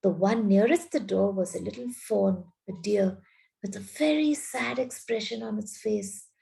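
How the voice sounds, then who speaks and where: Woman teacher, story reading with explanation, unhurried and mellow. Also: medium pitch, gravelly, rough recording. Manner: slow, explanatory. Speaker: English teacher.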